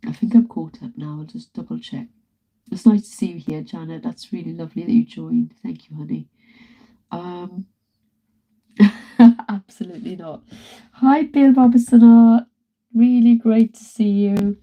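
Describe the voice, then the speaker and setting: A woman's voice: medium pitch, unhurried, pauses often, lo-fi sound. A woman in her thirties, an artist chatting casually on a live stream, laughing often and greeting viewers as she works in her studio. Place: home art studio.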